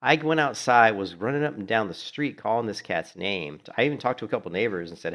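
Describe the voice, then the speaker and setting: Here a middle-aged man in Florida chats while streaming gameplay from home. Easygoing and free with his swearing, he wanders through his stories in a fairly low, fairly bright voice at a brisk clip.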